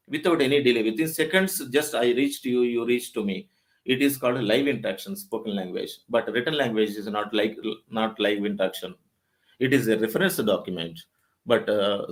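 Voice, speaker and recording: A middle-aged man with an Indian English accent giving an English lecture in a webinar, explaining step by step and repeating key points. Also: lowish voice.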